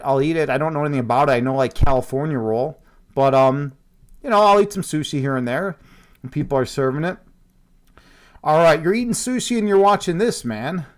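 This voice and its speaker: Guy streaming from home, jokey rambly chat w/ viewers, kinda higher voice. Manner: rambling, jokey, self-mocking, laughs often. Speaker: streamer hosting a Halloween stream.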